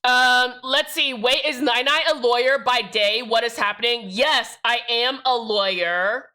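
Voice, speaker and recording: Young woman streamer with a bright, somewhat high voice; irreverent, sassy, swears freely. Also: a little slow. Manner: sassy, profane, joking with chat. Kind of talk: casual live-stream chat.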